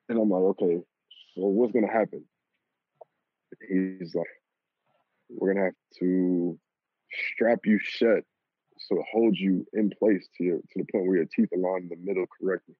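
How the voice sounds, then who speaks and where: A young man casually telling a personal story, animated and swearing and laughing at himself. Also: low-pitched, husky, no echo. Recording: lo-fi phone-like audio.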